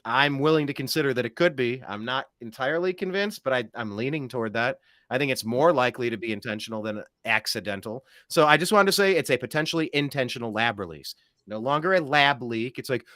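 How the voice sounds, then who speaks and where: A man's voice: medium pitch, expressive, quick pace, sharp tone, dry recording, clean studio sound. A man hosting a political talk show, ranting in an emphatic, sarcastic way. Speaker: host.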